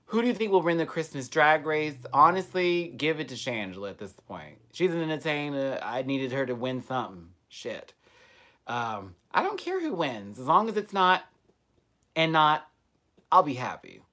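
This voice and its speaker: A man's voice: on the high side, moderate pace. A man hosts a casual live stream and answers his viewers' comments. His delivery is sassy and playful, and his voice swings widely and expressively. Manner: sassy, playful and animated, with frequent laughs.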